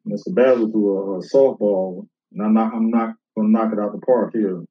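A man with a lowish voice speaks at a normal speed in a steady tone. He's a minister who casually rebuts critics and reads scripture aloud, talking conversationally, repeating himself and addressing his opponent directly. The recording sounds roomy, distant and dull, with a lo-fi quality.

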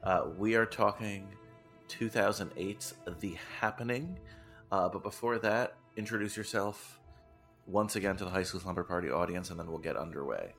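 A man's voice: low voice, normal speed, a bit bright, faint music behind. A man hosting a podcast, talking in a jokey, upbeat, casual way. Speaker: podcast host.

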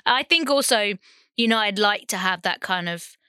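Woman, podcast host, bright clear tone, dry close sound, chatty and upbeat. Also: medium pitch, animated, unhurried, no echo. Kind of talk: casual football chat.

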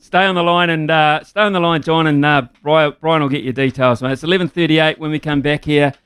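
A man's voice: fairly high pitch, steady tone, brisk, fairly bright tone, smooth, no echo. A man hosting a sports radio show in a studio, rambling and hesitant with lots of fillers and blunt exclamations. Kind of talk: casual radio sports chat. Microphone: studio microphone.

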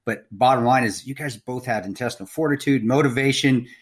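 A man's voice: medium pitch, a little fast. Enthusiastic male podcast host. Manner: enthusiastic, laughs often. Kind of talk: casual interview chat.

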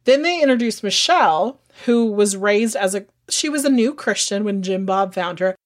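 A woman co-hosting a podcast, telling stories in a lively, frank way and swearing now and then. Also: mid-range voice, normal speed. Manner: animated storytelling with frank swearing. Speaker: podcast co-host. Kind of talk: casual chat.

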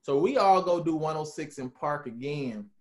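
A man telling a story in a casual interview, animated and acting out what others said. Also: on the high side, normal speed. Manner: animated, acts out quotes of others. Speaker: guest, former reality TV cast member.

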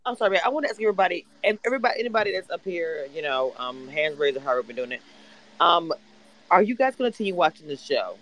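A woman's voice: on the low side, big pitch swings, racing, rough recording. A woman hosting a casual audio chat room, speaking emphatically with hesitant "um" fillers.

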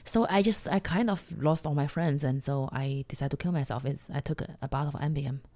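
A woman from China whose first language is Mandarin, telling her own story bluntly as a guest, with halting restarts and acted-out quotes. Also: low-pitched, mellow, no room sound. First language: Mandarin Chinese. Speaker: guest comedian. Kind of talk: candid personal storytelling.

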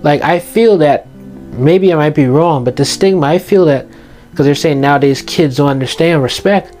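A man's voice: on the high side, normal speed, darkish tone, faint music behind. A teenage boy giving passionate, emphatic advice to his viewers in an earnest motivational monologue, repeating his key points. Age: teens. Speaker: youth vlogger giving advice.

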